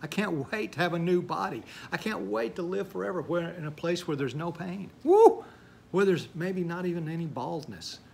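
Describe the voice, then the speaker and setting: A man's voice: high-pitched, a little fast, gravelly, hardly any pauses, slight background noise. A man preaching a sermon in a folksy, conversational way, with asides and stories. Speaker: pastor.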